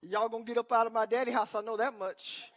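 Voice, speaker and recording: With a very high voice and a steady tone, a male pastor rattles through his sermon quickly. Loud pronouncements give way to quiet asides, and he leans on emphatic call-and-response exchanges.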